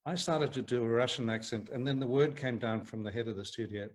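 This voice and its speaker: A man's voice: mid-range voice, quick pace, darkish tone, rough recording. Laughing, rambling New Zealand man. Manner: rambling storyteller, laughs often, many restarts. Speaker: guest actor. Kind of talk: casual anecdote on a talk show.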